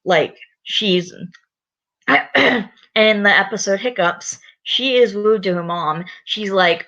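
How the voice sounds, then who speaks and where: A woman's voice: mid-range voice, fairly even intonation, a little slow, fairly bright tone, highs cut off. A young woman chatting casually with a strong opinion, with fillers and restarts. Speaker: channel host reading episodes aloud. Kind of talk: casual reading and commentary.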